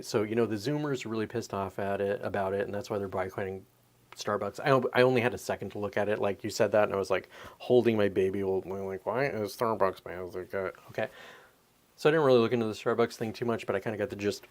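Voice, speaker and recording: A man in his thirties hosting a podcast, ranting in a profane, animated, rambling way. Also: lowish voice, fast talker. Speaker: podcast host. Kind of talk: casual opinion rant.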